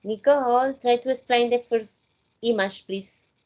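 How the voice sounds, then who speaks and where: A woman's voice: on the high side, a little slow, a little mellow. Woman teaching English with a Spanish accent. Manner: switches between simple English and Spanish, encouraging. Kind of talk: online class instruction. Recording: dull, lo-fi online call audio.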